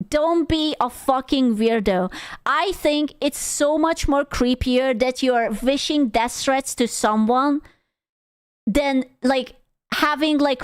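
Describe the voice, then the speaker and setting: Young woman, streamer, high voice, slow rambling talk, profane, exasperated, dry close mic. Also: clear, resonant tone, dry recording. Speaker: VTuber streamer. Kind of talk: casual reaction commentary.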